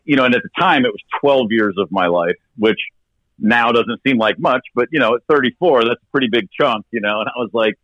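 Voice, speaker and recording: A man's voice: medium pitch, fairly quick, no room sound, lo-fi sound. A man in his fifties, a rock drummer guesting on an interview, telling a story animatedly and swearing casually. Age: 50s.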